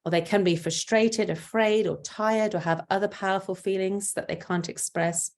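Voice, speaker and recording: An older woman giving a talk on parenting, explaining gently and patiently and acting out short examples of what to say to a child. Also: medium pitch, steady tone, normal speed. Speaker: parenting speaker.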